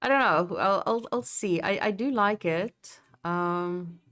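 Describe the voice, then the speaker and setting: A woman's voice: mid-range voice, slow, a bit bright. A young woman streaming live, chatting casually as she works, reading chat aloud and swearing offhandedly. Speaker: livestreamer building a map.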